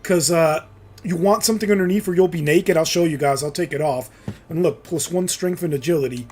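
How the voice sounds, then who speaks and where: A man doing casual live commentary while he plays a game. His voice sits a bit high, and he keeps up a loose, chatty flow, tossing in "man" now and then. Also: fairly quick, a little mellow, faint music behind. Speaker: streamer.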